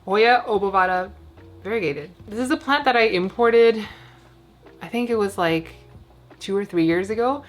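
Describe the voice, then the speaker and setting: A woman's voice: medium pitch, moderate pace, soft background music. A woman chatting casually at home while tending her plants, rambling along with plenty of fillers. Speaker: plant vlogger.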